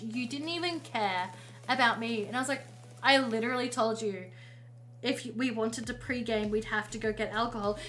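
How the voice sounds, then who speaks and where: High bright young woman rambling a story. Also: normal speed. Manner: rambling, swears a lot, self-interrupting asides. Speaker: streamer. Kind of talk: casual storytelling chat.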